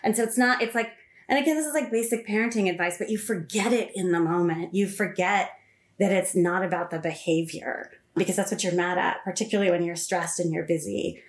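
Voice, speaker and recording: A woman chatting casually about a book and parenting, animated and quick to laugh. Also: fairly low pitch. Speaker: podcast guest. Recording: roomy echo.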